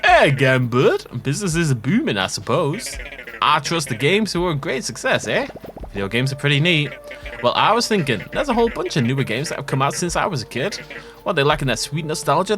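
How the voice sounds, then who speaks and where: Man voicing a chummy shop guy in a cosy game, slightly raised and lively, music faint. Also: on the high side.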